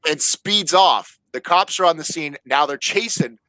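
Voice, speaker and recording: Lively, bright-voiced male podcast storyteller. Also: on the high side, unhurried, dry recording, low-quality recording. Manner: animated storytelling, laughs often. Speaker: podcast co-host. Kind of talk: casual chat.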